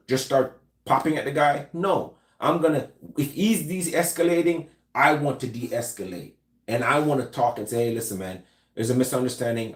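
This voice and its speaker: A man's voice: medium pitch, darkish tone, reverberant. A man hosting a casual talk show, speaking loosely and conversationally with slang and frequent restarts. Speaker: host.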